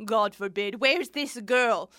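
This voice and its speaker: A woman's voice: on the high side, slow, fairly bright tone, no echo, clean studio sound. A woman playing a garrulous, bawdy old nurse in Shakespearean stage acting, laughing and rambling. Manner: garrulous, laughing, wildly swooping delivery.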